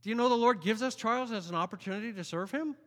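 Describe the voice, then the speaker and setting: A man preaching a sermon, emphatic and challenging the congregation, swinging from loud declarations to quiet asides. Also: sits high, fast talker, in a large hall. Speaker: pastor.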